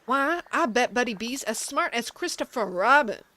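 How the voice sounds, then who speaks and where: A woman's voice: on the high side, expressive, normal speed, pushed and bright. Woman putting on a drawling Southern cartoon tiger. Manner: drawling, folksy. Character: bouncy excitable male cartoon tiger.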